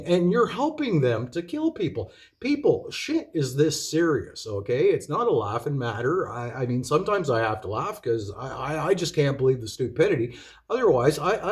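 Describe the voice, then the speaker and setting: A man's voice: on the high side, a little mellow. A man ranting in a monologue to his viewers, profane and exasperated, lecturing them with rhetorical questions. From Canada. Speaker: video commentator.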